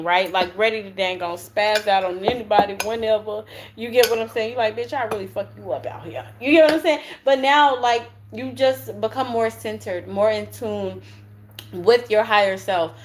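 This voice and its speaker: Chatty woman giving a tarot reading. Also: mid-range voice. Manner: chatty and slangy, with frequent "right?" and cussing. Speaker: tarot reader. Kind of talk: casual spiritual tarot reading.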